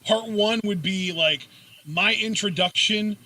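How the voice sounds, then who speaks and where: High husky man with dry quips. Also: slow, pushed and bright. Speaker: podcast co-host. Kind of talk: casual chat.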